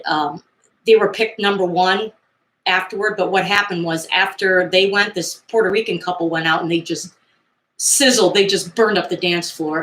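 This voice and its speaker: A woman's voice: fairly low pitch, fairly bright tone. A woman vlogger casually retelling stories in a chatty, digressive way with frequent fillers and asides. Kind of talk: casual retelling of 1970s pop culture. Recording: roomy echo.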